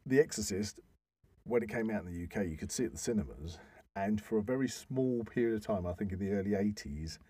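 A man with a dark, mellow tone and a slightly husky edge talks casually as a podcast co-host. He stumbles and repeats words while he digs up film facts, in a relaxed chatty way. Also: lowish voice, fast talker. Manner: hesitant, repeats words, shares trivia.

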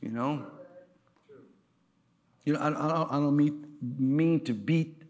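A male pastor preaching a sermon, emphatic and rousing, asking the crowd questions and rising to shouts. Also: a little high, slow pace.

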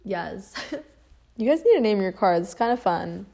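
Young woman rambling thru her week on her podcast, kinda fry-ish voice, cusses a lot. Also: mid-range voice, big pitch swings, normal speed, warm tone. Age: young adult. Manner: chatty, swears a lot, laughs often. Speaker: podcast host. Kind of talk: casual storytelling podcast.

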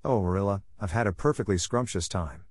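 A man voicing a dramatic, imaginative orphan girl in an audiobook, speaking in a gushing, theatrical way. His voice is low and sounds very close to the microphone in a dry recording. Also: animated, a little fast, a little mellow, breathy edge, no echo. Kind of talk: audiobook character reading.

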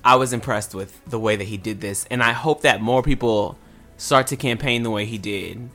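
A man's voice: lowish voice, normal speed, bright, forceful tone, soft background music. A man hosting a podcast, chatting casually about a reality show in a sassy, emphatic way. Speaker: podcast host. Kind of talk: casual gossip chat.

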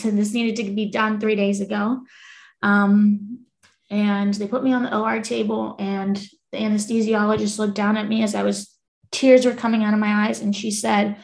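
A woman's voice: medium pitch, gravelly, a little mellow. A woman in her twenties, a podcast guest, telling a personal story in an earnest way, laughing now and then between lines. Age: 20s. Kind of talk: casual storytelling.

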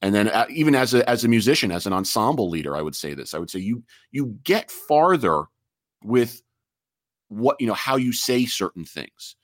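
A man's voice: mid-range voice, sing-song, normal speed, dry recording, studio quality. A man talking earnestly as a podcast guest, reflective and repeating words as he restarts his sentences. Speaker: guest, sportsmanship group president. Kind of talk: casual podcast interview.

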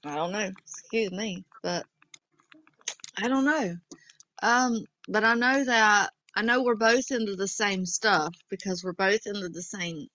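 A woman's voice: mid-range voice, a little slow, bright, forceful tone. A woman from North Carolina with a Southern accent, rambling and giggling in a casual group voice chat and calling people darling.

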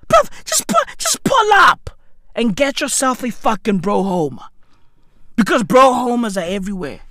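A woman's voice: high-pitched, a bit bright, no room sound, studio quality. A woman delivering a profane, slangy comedic rant, keeps asking "right?" for emphasis.

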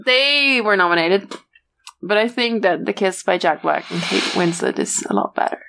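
A woman's voice: mid-range voice, animated, normal speed, gravelly, pushed and bright. A tired woman co-hosting a podcast at home, chatting with enthusiasm and often losing her train of thought. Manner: chatty, enthusiastic, trails off and restarts. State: tired, half asleep. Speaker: podcast co-host. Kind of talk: casual chat. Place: home near a railway.

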